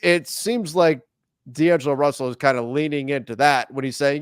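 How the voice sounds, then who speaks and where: A man's voice: on the high side, moderate pace, clear, resonant tone, dry recording. A man hosting a sports podcast in a conversational, self-deprecating way and steering the talk to the next topic. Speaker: podcast host. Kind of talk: casual sports chat.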